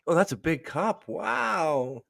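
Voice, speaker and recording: A male podcast host with a notably high voice, asking his guest curious questions. He laughs easily between remarks. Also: lively intonation, slow, gravelly, a bit bright. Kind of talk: interview questions.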